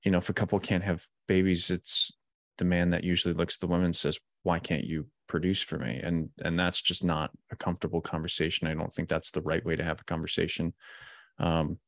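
A man's voice: deep voice, completely flat delivery, fast, a bit bright, dry recording, studio quality. A man hosting a podcast, talking in a thoughtful, reflective way. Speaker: podcast host. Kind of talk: casual interview chat.

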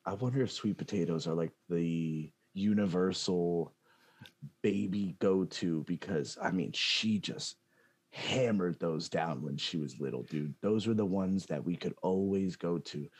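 A man's voice: low-pitched, unhurried, a little mellow, slightly rough. A young man chatting casually as a podcast co-host, laid-back and slangy, often trailing off and restarting. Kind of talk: casual chat.

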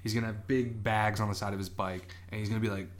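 A man's voice: lowish voice, level tone, quick pace. A man on a podcast casually telling a long, rambling story, often acting out what people said. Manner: rambling anecdotes, acts out quoted voices. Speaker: podcast co-host.

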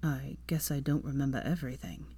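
A woman voicing a tired, injured young man, speaking softly and low in a breathy hush, in a storybook reading. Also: animated, fairly quick, full character voice. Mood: groggy tired.

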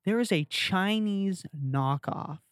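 Male co-host, higher voice, smooth tone, dry close mic, lively casual storytelling. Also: takes it slowly, no echo. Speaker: podcast co-host. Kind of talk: casual chat.

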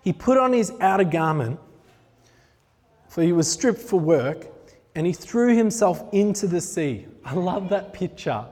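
A man preaches in a loose, conversational way, joking with the room and then growing heartfelt and intense. His voice sits a little high for a man. It rings out with the long reverb of a large hall. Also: expressive, a little slow, darkish tone. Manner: conversational, jokey, grows emotional and intense. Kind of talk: sermon.

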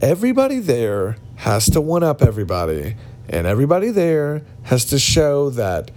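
A man's voice: medium pitch, huge pitch swings, normal speed, darkish tone. A man hosting a casual podcast monologue, ranting bluntly and mocking people, recorded in a cabin without his usual mic. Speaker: podcast host. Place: cabin with other people around. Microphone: not his usual podcast mic.

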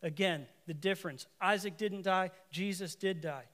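Male preacher, higher voice, conversational sermon with asides and emphatic repeats. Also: moderate pace, few pauses, a bit bright. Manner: asides to the congregation and self-corrections.

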